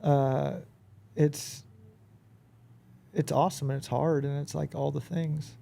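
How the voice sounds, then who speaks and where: Gravelly-voiced man telling stories. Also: a little high, takes it slowly. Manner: animated anecdotes, frequent fillers and quoted dialogue. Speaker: podcast guest, business owner. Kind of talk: casual conversational storytelling.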